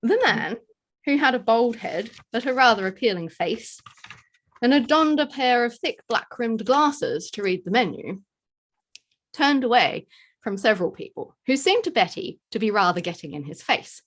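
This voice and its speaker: A woman's voice: on the high side, animated, normal speed. A woman reading a story aloud as narrator, giving small voice shifts to quoted characters. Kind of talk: scripted narration.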